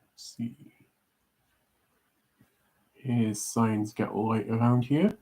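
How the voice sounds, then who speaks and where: A man's voice: medium pitch, fairly even intonation, drawn-out words, a little mellow. A Welsh man chatting in a rambling, easygoing way as he streams himself drawing. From Wales. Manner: rambling, chatty, with many fillers. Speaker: artist streaming live. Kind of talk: casual chat on a livestream.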